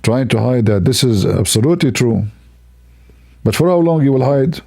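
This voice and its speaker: A man's voice: medium pitch, expressive, moderate pace, gravelly, dark tone, husky. A man hosting a livestream, talking in a sarcastic, rambling, mock-admiring way. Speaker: livestream host. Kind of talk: mocking livestream commentary.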